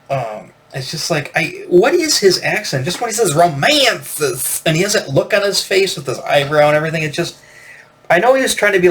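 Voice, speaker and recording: A man's voice: fairly high pitch, a bit bright. A man chatting casually about a rock album he is reviewing, rambling through lots of fillers and often laughing at his own points.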